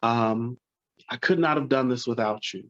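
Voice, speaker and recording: A man's voice: mid-range voice, normal speed, dry recording. A man from Alabama, a poet, speaking earnestly and gratefully to his audience before reading his poems. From Alabama, USA. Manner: earnest, heartfelt, softly grateful. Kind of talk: spoken remarks at a live poetry reading. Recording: dry, slightly muffled lo-fi recording.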